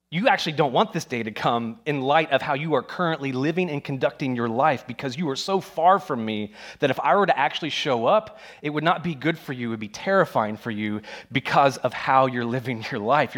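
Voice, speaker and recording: Male pastor, mid-pitched, lively sermon delivery with playful asides. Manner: animated, acts out scenes with voices.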